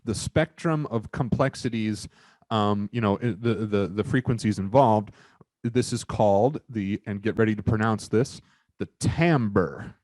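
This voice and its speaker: Low-voiced man giving a halting lecture. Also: darkish tone. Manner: halting, many fillers and restarts, explanatory. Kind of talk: recorded university lecture.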